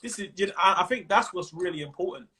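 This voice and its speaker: A high, bright-voiced man with a London accent talks in a relaxed interview. He is animated, peppers his talk with street slang and keeps slipping into quick impressions of other people. His tone is sharp and forward. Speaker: comedian guest. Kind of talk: casual interview chat. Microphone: Instagram live stream.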